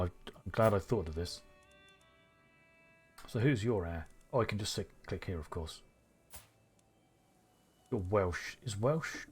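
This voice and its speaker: A man streaming a strategy game live, thinking aloud with excitable bursts. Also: on the low side, a little slow, pauses often, slightly rough, faint music behind.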